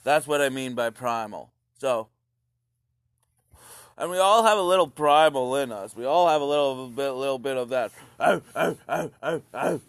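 A man's voice: medium pitch, moderate pace, clear, resonant tone, dry recording, clean studio sound. A man doing a crude, meandering comic monologue, now and then breaking into grunted caveman noises.

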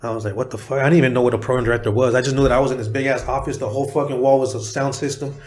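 Middle-aged man, from San Diego, rapper guest, profane animated storyteller. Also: mid-range voice, racing. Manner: profane, animated retelling with quoted voices. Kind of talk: casual storytelling interview.

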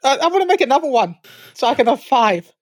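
A man's voice: very high-pitched, big pitch swings, fast talker. A man chatting casually as a podcast guest, rambling and joking about himself.

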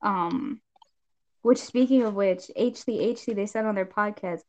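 Young woman rambling thru gossip on a podcast, animated, kinda muffled audio. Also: a little high. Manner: rambling, animated, quick shifts into shrieking impressions. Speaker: podcast co-host. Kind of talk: casual gossip chat. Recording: dull lo-fi sound.

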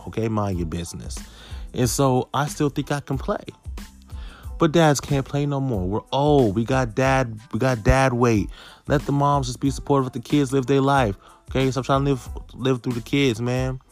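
A man's voice: medium pitch, darkish tone. Chatty middle-aged male stand-up comic. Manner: conversational, keeps saying okay. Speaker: stand-up comedian. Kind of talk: stand-up comedy.

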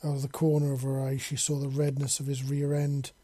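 A narrator reading an explicit chapter of a fantasy audio story in a steady, blunt delivery with coarse words. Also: medium pitch, brisk, no room sound.

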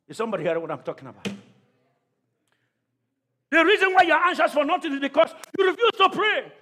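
A man preaching a sermon to a church congregation, calling out questions to the crowd and often shouting. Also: very high voice, big pitch swings, a little fast, long pauses. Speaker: pastor.

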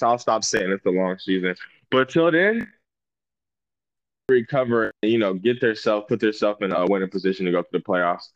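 A man's voice: on the low side, dry recording. A man talking football as a guest in a casual chat, emphatic and full of restarts. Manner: animated, emphatic, restarts a lot. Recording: dull lo-fi audio.

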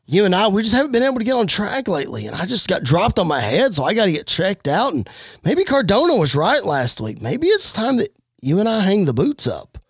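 A man voicing a tired, injured veteran wrestler in a game story, in a low tired voice. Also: very animated, fairly quick, slightly rough, no echo, clean studio sound, heavily acted. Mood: weary.

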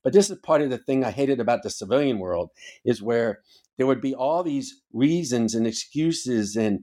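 A man's voice: mid-range voice, lively intonation, normal speed, mellow. An older man, a former officer, tells stories in a podcast interview, emphatic and swearing freely. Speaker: podcast guest, former Coast Guard officer. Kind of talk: casual storytelling interview.

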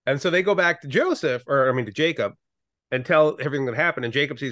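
Male pastor and podcast co-host, mid-pitched, irreverent and ranty, dry close recording. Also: lively intonation, fast talker, fairly bright tone, no echo. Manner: irreverent, ranty, swears casually. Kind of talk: casual Bible study podcast with scripture reading.

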